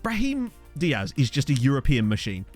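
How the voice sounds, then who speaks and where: Male streamer, quick, chatty, lively upbeat pitch, faint music behind, desk mic. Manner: fast-talking, chatty, laughs often, excitable. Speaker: streamer playing a football management game. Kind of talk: casual live-stream commentary with chat. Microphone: desk microphone.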